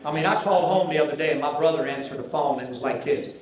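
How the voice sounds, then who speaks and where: A man in his sixties with a Southern North Carolina accent tells animated, folksy stories from a banquet stage. His voice sits a little high for a man. It rings through a very echoey hall with a faint murmur of room noise behind it. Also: fast talker. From Charlotte, North Carolina. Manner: folksy, animated anecdote-telling. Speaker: banquet keynote speaker. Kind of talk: after-dinner storytelling speech.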